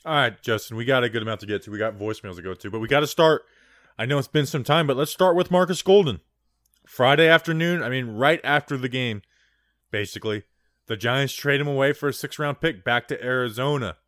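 A man's voice: mid-range voice, fairly quick, a bit bright, no room sound, studio quality. A man co-hosting a sports podcast in casual chat, rambling and digressive, with lots of "like". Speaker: podcast co-host.

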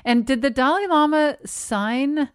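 A woman's voice: sits high, measured pace, no echo, studio quality. A woman co-hosting a casual chat, wry and playfully indignant. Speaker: podcast co-host.

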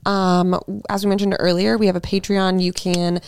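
A woman podcast co-host in casual chat, her voice gravelly with vocal fry from screaming the day before, talking in a loose, filler-heavy way. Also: medium pitch, little pitch movement, moderate pace, a little mellow, no echo. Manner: chatty, lots of "like" fillers.

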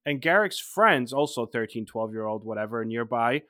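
Guy cohosting a chat show, bright tense voice, dry close sound, walks through the story bit by bit. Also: medium pitch, animated, moderate pace, dry recording. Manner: retells events step by step, checking in with "right?". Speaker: podcast co-host. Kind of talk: casual storytelling.

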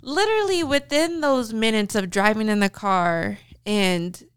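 A woman's voice: medium pitch, unhurried, clean tone. A young woman co-hosting a podcast, telling a story in casual chat and laughing often. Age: young adult. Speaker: podcast co-host.

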